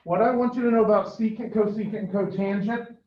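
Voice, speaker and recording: Male math teacher, higher voice, questioning and coaxing, heard from across an echoey room. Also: steady tone, quick pace, a little hiss or hum. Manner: questioning, coaxing students for answers. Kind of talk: classroom lesson. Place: classroom. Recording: echoey, distant, dull classroom recording.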